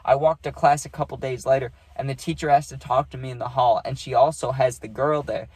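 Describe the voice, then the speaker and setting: A man's voice: medium pitch, steady tone, brisk, a little mellow, breathy edge, dry recording. Rambling young man telling a storytime. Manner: rambling, slangy, swears, says "dude" a lot. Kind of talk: casual storytime monologue.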